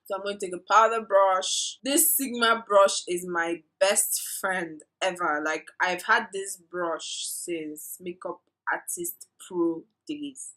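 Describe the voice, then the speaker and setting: A woman's voice: medium pitch, pushed and bright, rough recording. A woman talking viewers through a makeup tutorial in a chatty, playful way, giving tips and drifting into asides. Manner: instructive, addresses viewers directly. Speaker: beauty vlogger.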